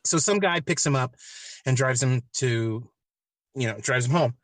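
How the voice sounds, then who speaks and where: A man's voice: mid-range voice, a little slow, no room sound. A man hosting a podcast, retelling a movie plot in a casual, rambling, profane way with many restarts. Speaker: podcast host.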